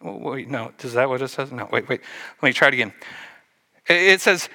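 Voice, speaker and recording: A male pastor preaching a sermon, acting out Bible scenes with lively shifts and dropping to a hush for emphasis. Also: medium pitch, a little fast.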